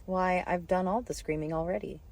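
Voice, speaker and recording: A woman's voice: fairly low pitch, fairly even intonation, fairly quick, a little mellow, lightly acted. A woman voicing a flustered, scatterbrained old queen who frets and shrieks when upset, reading a storybook. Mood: fretful. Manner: fretful, shrieking at times.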